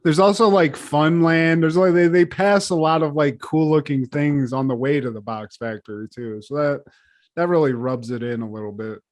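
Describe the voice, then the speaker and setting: Profane, animated male podcast co-host. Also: a little high, normal speed. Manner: loose, profane, animated retelling. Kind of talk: casual chat.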